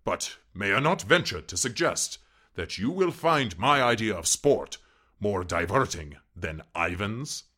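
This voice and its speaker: A man's voice: on the low side, expressive, a little slow, bright, forceful tone, full character voice. A man voicing a suave, menacing aristocratic Cossack general in an audiobook reading, with a courtly, mocking manner.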